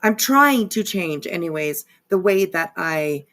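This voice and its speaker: A woman's voice: on the low side, lively intonation, measured pace, fairly bright tone. A woman hosting a casual live stream, rambling with lots of fillers and frequent swearing. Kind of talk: casual livestream commentary.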